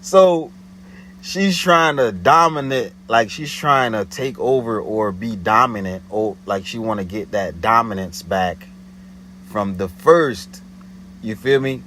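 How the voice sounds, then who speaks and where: A man's voice: lowish voice, slow, a bit bright, slight background noise, rough recording. A man telling a story in a casual, slangy way, often checking "you know what I'm saying".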